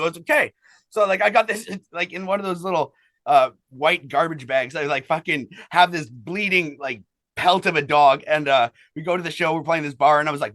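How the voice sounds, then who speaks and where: A man fronting a band rambles through stories in a casual interview. He swears freely and leans on fillers as he talks. His voice sits a little high, and the sound is dry. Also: a bit bright, dry recording. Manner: rambling, profane, heavy on fillers.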